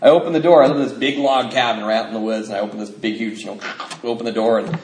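A man sharing his recovery story with a meeting, lively, acting out what people said and laughing often. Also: fairly low pitch, very fast. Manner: animated, acts out quoted dialogue, laughs often. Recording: echoey room, faint noise.

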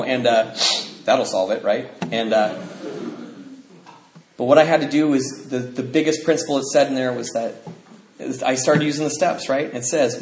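A middle-aged man telling his personal recovery story at a meeting, emotional and swinging from loud to quiet. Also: lowish voice, slight background noise. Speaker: speaker sharing at a recovery meeting. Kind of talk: personal testimony talk. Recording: echoey room.

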